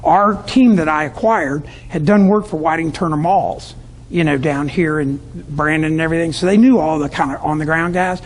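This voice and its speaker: At normal speed and with a highish voice, a middle-aged Tampa, Florida man gives a live sales talk to business owners. He tells stories and acts out what his customers said.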